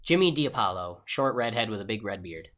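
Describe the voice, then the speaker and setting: A man's voice: on the low side, animated, fairly bright tone. A young man co-hosting a casual podcast, rambling and joking and often laughing. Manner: rambling, jokey, quick to laugh. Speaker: podcast co-host. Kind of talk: casual chat.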